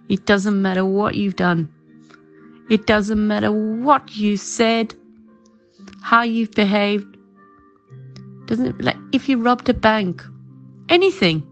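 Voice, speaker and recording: A woman's voice: mid-range voice, dull audio. A middle-aged woman giving an informal, chatty home sermon in an earnest tone, often calling things amazing. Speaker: preacher.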